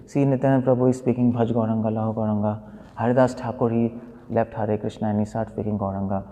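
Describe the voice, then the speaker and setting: A man's voice: on the low side, little pitch movement, quick pace, dark tone. A man giving an informal scripture class as a preacher, thinking aloud and wandering between points, quoting verses and asking his listeners questions. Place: temple hall. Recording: long reverb of a hall.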